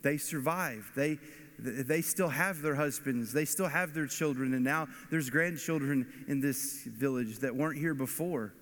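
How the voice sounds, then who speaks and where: A pastor giving an earnest, storytelling sermon that rises to emphatic points. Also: male voice, on the high side, fairly bright tone. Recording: long hall reverb.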